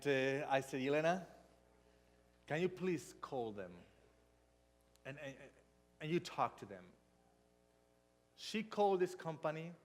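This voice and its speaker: Hispanic-accented man preaching in a reverberant church. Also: on the high side. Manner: storytelling, animated with mock dialogue. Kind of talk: sermon. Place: church hall.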